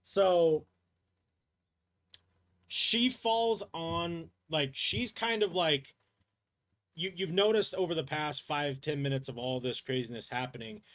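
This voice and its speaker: A man's voice: on the high side, slow pace, long pauses, a bit bright. A man running a tabletop role-playing game as game master, narrating in a loose, rambling way full of fillers.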